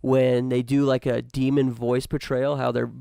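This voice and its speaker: A man's voice: medium pitch, little pitch movement, moderate pace, vocal fry, warm tone, smooth, no room sound, studio quality. A man co-hosting a casual podcast, telling stories in a laid-back way and calling his friends dude and man. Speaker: podcast co-host. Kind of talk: casual chat.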